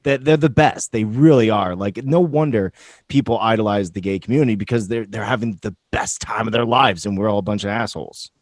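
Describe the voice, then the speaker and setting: Brash low-voiced man. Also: fairly quick, no echo, studio quality. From United States. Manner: brash, swears, mimics people for laughs. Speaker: podcast co-host. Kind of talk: casual chat.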